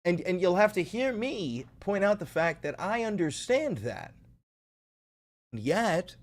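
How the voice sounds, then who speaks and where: Animated, profane male podcast host. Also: high-pitched, unhurried. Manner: joking, profane, swings between loud and quiet. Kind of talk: casual pre-show banter. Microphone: studio podcast mic with adjustable gain.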